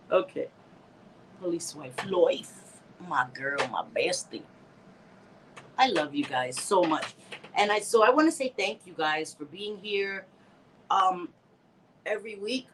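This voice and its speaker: A woman's voice: mid-range voice, very animated, slow, long pauses, a bit bright, a little hiss or hum, low-quality recording. A middle-aged woman hosting a casual livestream from home on a close phone mic, laughing often, reading comments aloud and dropping in Spanish words. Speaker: livestream host.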